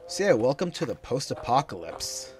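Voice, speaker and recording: A man giving casual gameplay commentary at home, reacting out loud, swearing, and reading the game's lines aloud. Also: mid-range voice, big pitch swings, normal speed. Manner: reactive, swears, reads game dialogue aloud. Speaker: let's play gamer. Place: home room. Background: game music.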